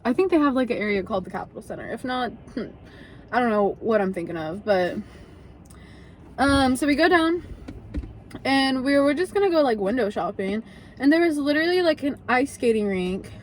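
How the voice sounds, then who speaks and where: Young woman vlogger, high voice, chatty profane storytime delivery, lots of filler "like". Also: moderate pace, pauses often, a little hiss or hum. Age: young adult. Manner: chatty, profane, animated, heavy use of like. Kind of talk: casual storytime vlog.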